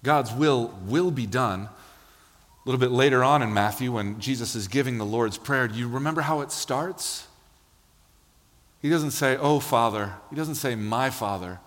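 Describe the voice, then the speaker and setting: A man preaching a sermon in a church, telling stories with lively, acted-out quotes. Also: mid-range voice, normal speed. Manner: animated storytelling, acts out quotes. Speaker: pastor. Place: church sanctuary. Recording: long hall reverb.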